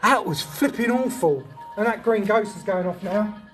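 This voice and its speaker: A man's voice: high-pitched, moderate pace, over loud music. A man chatting casually on a ghost-hunting livestream, talkative and jumpy, swearing when startled outdoors.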